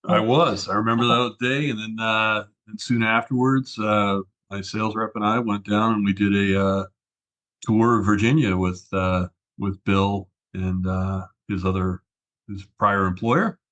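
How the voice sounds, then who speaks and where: A man's voice: fairly low pitch, steady tone, unhurried, a bit bright. A man, a regular guest on a tech podcast, chatting and reminiscing with many fillers. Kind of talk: casual podcast chat.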